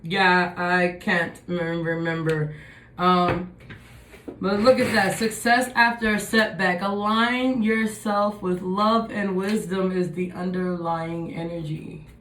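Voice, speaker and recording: A woman's voice: on the low side, a bit bright, slight background noise. A woman giving a casual tarot reading, musing and thinking aloud as she turns over the cards. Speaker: tarot reader. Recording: echoey room.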